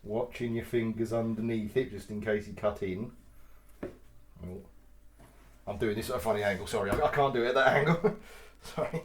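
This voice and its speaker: A man chatting and swearing casually as he cuts meat in his home kitchen. He laughs often and gets loud and then quiet. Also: lowish voice, moderate pace, long pauses. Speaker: vlogger. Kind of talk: casual cooking vlog. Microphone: mic on the kitchen table.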